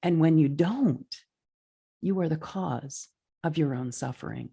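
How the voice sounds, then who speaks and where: A woman hosting a podcast, speaking in an earnest, inspirational monologue with animated storytelling. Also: unhurried, creaky, husky. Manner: earnest, animated storytelling with lively pitch swings. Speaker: podcast host.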